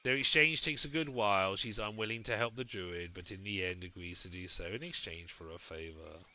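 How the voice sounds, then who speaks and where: A man's voice: deep voice, brisk, pushed and bright, a little hiss or hum, rough recording. A man hosting a game playthrough, reading the game's text aloud and adding wry asides. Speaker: let's play host.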